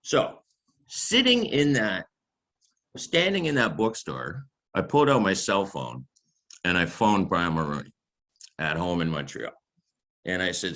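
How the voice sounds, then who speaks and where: A man in his fifties tells stories at a talk, with a very low, deep voice. He keeps it chatty and amused, full of little fillers and restarts. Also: big pitch swings, a little slow, pauses often, a bit bright. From Canada. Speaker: author and historian giving a talk. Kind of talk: anecdotal storytelling talk.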